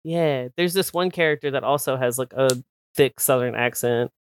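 Swearing, animated podcast ranter. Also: medium pitch, moderate pace, a little hiss or hum. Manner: animated swearing rant, mimics quotes. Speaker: podcast panelist. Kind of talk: casual podcast chat.

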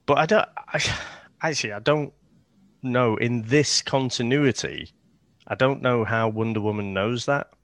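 Un uomo con britannico che parla di film in un podcast, esitante e pieno di ripetizioni. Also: male voice, medium pitch, unhurried, dry recording, studio quality. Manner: hesitant, repeats words. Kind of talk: casual film podcast chat.

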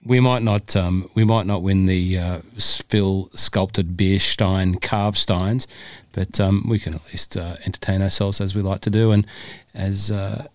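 A man's voice: low voice, fairly even intonation, a little slow, no echo. A man hosting a casual podcast, joking and rambling with frequent laughs. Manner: jokey, rambling, laughs often. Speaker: podcast host.

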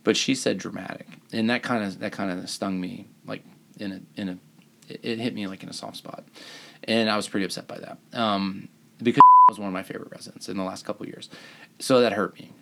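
Gravelly, bright-voiced man telling stories. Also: fairly low pitch, steady tone, fairly quick. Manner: self-mocking, rambling storyteller. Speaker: surgeon and podcast host. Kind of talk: casual podcast chat.

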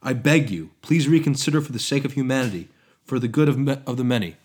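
A man's voice: mid-range voice, quick pace, a little mellow, pitched above the performer's own voice, natural voice. A man voicing a passionate, idealistic young male inventor in a story reading, speaking in an impassioned, pleading way.

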